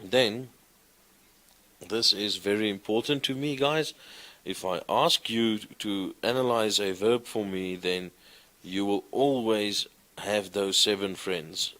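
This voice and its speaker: A man's voice: lowish voice, takes it slowly, a bit bright. A man teaching a classroom lesson, speaking in an encouraging way and often asking his students questions. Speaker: Greek teacher. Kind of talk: classroom lecture.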